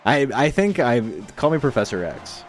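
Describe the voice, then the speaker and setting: A man's voice: mid-range voice, very animated, moderate pace, faint music behind. A man from Toronto, hosting a game tournament stream and chatting casually between matches. He rambles from one story to the next, swears freely and laughs between anecdotes. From Toronto, Canada.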